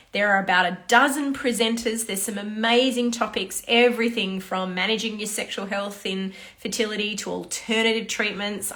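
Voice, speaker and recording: A woman's voice: mid-range voice, pushed and bright. An Australian woman, a fertility doctor, chatting through a casual live Q&A and greeting viewers by name. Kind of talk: casual livestream Q&A.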